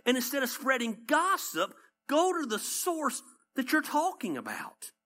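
A Southern-accented male pastor delivering a conversational sermon. His voice is bright and his pitch swings widely as he tells stories, hammering his points home through repetition. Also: unhurried. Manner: animated storytelling, repeats points for emphasis.

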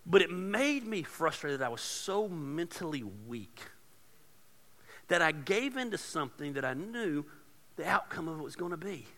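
A man preaching a sermon as pastor, casual and joking, building to loud emphatic points. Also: a little high, sing-song, normal speed, in a large hall.

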